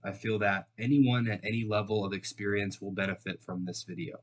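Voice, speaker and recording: A man with a nasal voice after a recent illness, giving an earnest, measured lesson on trading psychology to camera. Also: on the low side, steady tone. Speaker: trading educator.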